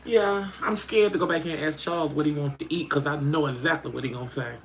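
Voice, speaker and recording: Mrs. Netta, a man doing a chatty gravelly Southern lady. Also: fast talker, a little hiss or hum, lightly acted. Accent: Southern US, Alabama. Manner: coos at the dog in a high voice, folksy dialect. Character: chatty middle-aged Southern woman, homey and playful. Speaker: livestream host. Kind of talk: casual livestream chat in character. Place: home.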